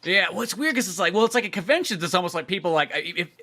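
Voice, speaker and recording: Man, podcast guest, casual chat, fairly high voice, bright forceful tone, acts out quotes. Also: very fast. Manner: animated, acts out other people's lines.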